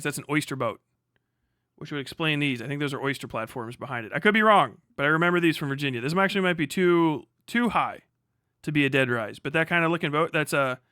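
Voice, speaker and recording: Excitable, cursing male streamer. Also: on the high side, smooth, no echo, clean studio sound. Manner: profane, excitable, rambling. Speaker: streamer reacting to videos. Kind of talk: casual live-stream commentary.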